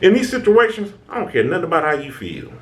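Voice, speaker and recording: A man's voice: high voice, very animated, fast, a little hiss or hum. A man hosting a self-help talk, speaking conversationally and preachily, with frequent restarts and "right?" checks. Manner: informal American speech, stammering restarts. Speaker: channel host.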